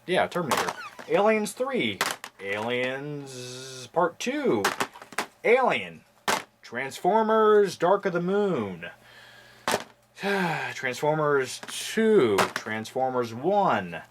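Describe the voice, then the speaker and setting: Young male host, casual wisecracking chat, lively pitch, audible hiss. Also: drawn-out words. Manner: wisecracking, offhand, swears casually. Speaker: video host reviewing his movie collection. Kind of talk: casual chat with jokes and impressions. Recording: noisy home recording.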